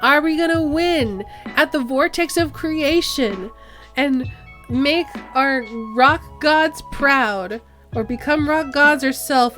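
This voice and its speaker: A woman's voice: high-pitched, fairly bright tone. A woman streamer wrapping up a stream in casual, meandering chat, often giggling.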